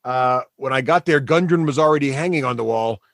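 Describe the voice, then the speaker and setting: A man's voice: medium pitch, fairly bright tone, no room sound, clean studio sound, lightly acted. A man voicing a male dwarf prisoner who rambles with lots of "uh" fillers and puts on a mock Canadian accent, tacking "eh" onto his lines. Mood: rueful. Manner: attempted Canadian accent, tacks on "eh"; halting, many "uh" fillers.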